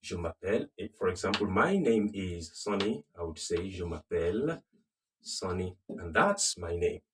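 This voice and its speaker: Low-voiced guy teaching french, patient, repeats stuff slow, keeps saying okay, sounds a bit off-mic. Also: lively intonation, recorded from a distance, slight background noise. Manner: patient, repeats phrases slowly, checks with okay. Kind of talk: recorded language lesson.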